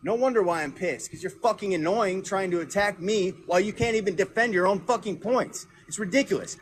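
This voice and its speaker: High-voiced man ranting angrily. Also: a little fast, hardly any pauses, slight background noise. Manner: angry, profane, talks over others. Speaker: debate guest. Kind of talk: heated online debate.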